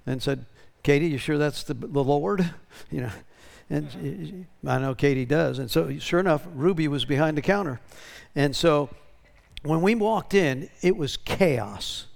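A man's voice: a little high, unhurried, vocal fry. A pastor talking casually to his congregation, drawing out testimonies and often checking in with "right?". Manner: conversational, tag questions.

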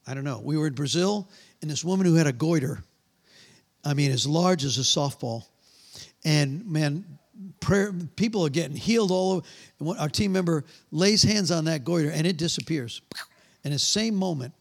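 A middle-aged man preaching, telling animated stories and acting out the voices, often trailing off mid-sentence. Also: fairly high pitch, moderate pace, pauses often. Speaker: pastor. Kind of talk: sermon with storytelling and prayer.

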